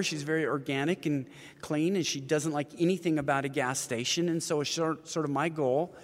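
A man in his fifties speaks in an earnest, storytelling way, his voice sitting a bit high for a man. The sound carries a long, roomy reverb. He is a guest in an interview conversation. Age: 50s. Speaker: author and ministry leader.

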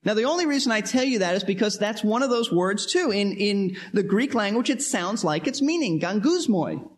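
A man teaching a verse-by-verse sermon, animated, acting out quoted voices and often repeating words as he restarts. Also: high voice, moderate pace. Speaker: Bible teacher. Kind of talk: expository sermon.

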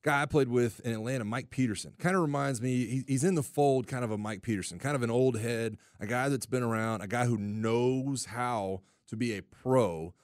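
A man's voice: mid-range voice, normal speed, hardly any pauses, dry recording, clean studio sound. A man who used to play pro football, co-hosting a sports radio show in loose, casual talk. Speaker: sports radio co-host, former player.

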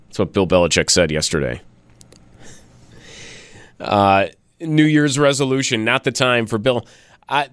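A radio host with a fairly bright, smooth voice chats and laughs his way through listener messages on a casual show, his pitch swinging widely. The recording is dry and studio quality.

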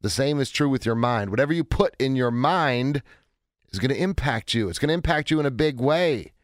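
A man in his forties speaks as a radio call-in host, his voice hoarse and cracking. He talks in an energetic, chatty, self-interrupting way at a middle pitch. The studio sound is close and dry. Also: a little fast, no room sound. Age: 40s. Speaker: radio talk show host. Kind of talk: call-in radio show monologue.

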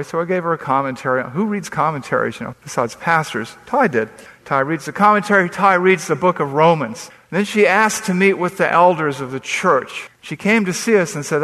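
A man's voice: a little high, lively intonation, fairly quick, bright, forceful tone. A man preaching as a pastor, reading scripture and telling stories with emphatic delivery. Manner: emphatic, storytelling with quoted dialogue. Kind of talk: sermon. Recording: long reverb of a large hall.

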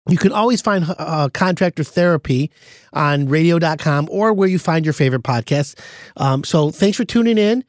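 A man hosting a casual podcast as a contractor, telling animated stories and giving plain advice. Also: a little high, moderate pace, no room sound, studio quality. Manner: animated storytelling with laughs.

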